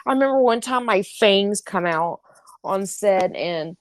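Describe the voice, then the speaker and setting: A woman co-hosting a podcast chats loosely and loudly, laughing and cursing without a second thought. Her voice sits at an ordinary pitch, recorded close and dry with no room sound. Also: unhurried, dry recording. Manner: animated, swears freely, laughs often. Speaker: podcast co-host. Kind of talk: casual chat.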